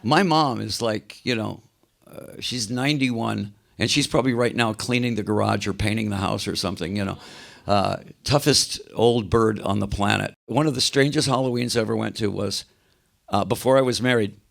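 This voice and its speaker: Older male rock singer, gravelly, animated storyteller on a video call. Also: fairly low pitch, normal speed. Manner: animated anecdotes, acts out quoted voices. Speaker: interview guest, rock singer. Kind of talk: casual storytelling interview.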